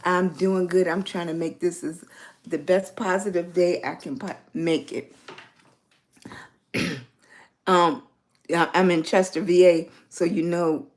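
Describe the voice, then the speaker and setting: A middle-aged woman from Virginia with a soft Southern accent talks to her livestream viewers in an unhurried, easy way. Her voice sits a little low for a woman, and she draws her words out. She greets people in the chat by name and spells them out. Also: steady tone. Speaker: lifestyle livestreamer.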